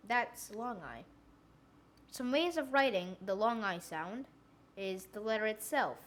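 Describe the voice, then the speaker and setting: A woman's voice: mid-range voice, expressive, unhurried. A young woman teaching a phonics lesson, saying example words one by one and asking the listener questions. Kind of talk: slow scripted phonics lesson.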